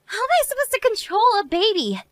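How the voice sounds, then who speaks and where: A woman's voice: very high voice, a little fast, no echo. A woman voicing a worn-out young wife and mother who argues earnestly with her husband. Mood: pleading. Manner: earnest, pleading, then flat and resigned. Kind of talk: animated story narration.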